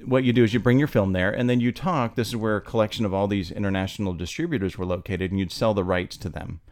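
Man, low-pitched, screenwriter, casual storytelling, animated. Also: fast talker. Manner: animated storyteller, acts out quotes. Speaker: screenwriter guest.

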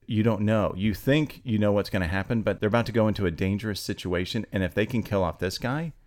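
A man who writes screenplays, chatting casually and telling anecdotes with lively energy. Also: fairly low pitch, quick pace. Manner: animated storyteller, acts out quotes. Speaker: screenwriter guest. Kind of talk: casual storytelling chat.

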